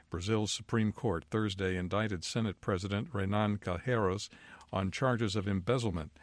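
A man reading a scripted world news bulletin as the anchor, in a measured, even newsreader delivery. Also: on the low side, no room sound.

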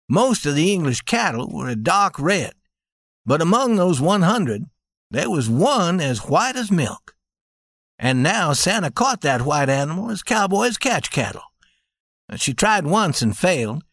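Expressive male story reader. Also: on the high side, no room sound, clean studio sound. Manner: slow, clear, deliberate reading. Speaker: narrator. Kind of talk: scripted story reading.

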